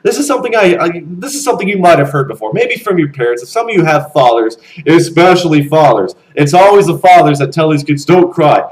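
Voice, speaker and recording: A young man around twenty ranting bluntly to camera, animated and swearing freely. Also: a little high, fast talker, few pauses, low-quality recording. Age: young adult. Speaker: vlogger. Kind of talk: casual rant to camera.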